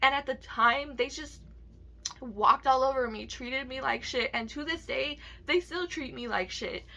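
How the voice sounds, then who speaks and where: A woman's voice: high-pitched, a little slow, gravelly, pushed and bright. A young woman in a casual vlog, ranting emotionally to her viewers with heavy swearing.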